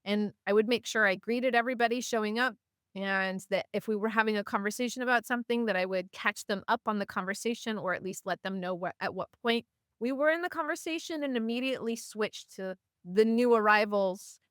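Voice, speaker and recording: A woman guest on a podcast, chatting casually and telling stories in an animated way, often with fillers. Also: medium pitch, a little fast, smooth, dry recording, studio quality. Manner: animated, acts out voices of people in her stories. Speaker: podcast guest, community organizer. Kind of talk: casual storytelling in conversation.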